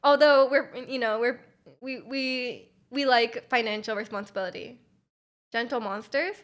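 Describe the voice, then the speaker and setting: Giggly high-voiced Canadian woman. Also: moderate pace, fairly bright tone. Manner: giggly, rambling, many restarts. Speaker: streamer. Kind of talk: casual chat with viewers on a live stream.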